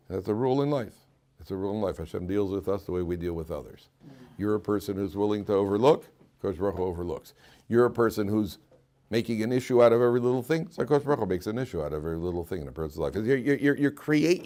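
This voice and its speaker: A man's voice: lowish voice, darkish tone. A man, a rabbi, giving an informal Torah lecture in a conversational, joking way, often repeating and restarting his words. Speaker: rabbi teaching a weekly Torah class.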